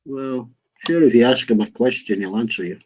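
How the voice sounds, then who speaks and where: A man's voice: mid-range voice, a little fast, a little mellow. Dry, teasing man on a dull line. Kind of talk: casual voice chat.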